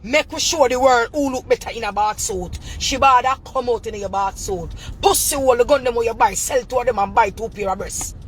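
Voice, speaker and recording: A Jamaican woman and mother ranting in a callout video, confrontational and repetitive in thick patois, breaking into shouts. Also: on the high side, a little fast, few pauses, a little hiss or hum. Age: adult mother. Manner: bursts into shouting.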